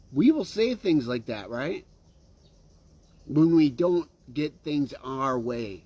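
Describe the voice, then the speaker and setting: Slow, earnest male preacher. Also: a little high, animated, a little mellow. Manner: earnest, checks in with listeners with frequent "okay?" and "right?"; repeats and restarts phrases. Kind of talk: sermon.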